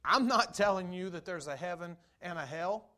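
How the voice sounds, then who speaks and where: A man preaching a sermon, conversational at first and rising to loud, emphatic declarations. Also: high voice, animated, normal speed. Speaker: pastor.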